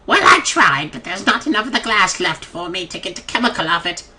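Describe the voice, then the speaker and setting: A man's voice: sits high, very animated, fairly quick, bright, forceful tone, slight background noise, pitched above the performer's own voice, full character voice. A man voicing an irritable male glass blower who is busy with his experiments and snaps at anyone who interrupts. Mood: grudging. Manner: testy, impatient, swearing.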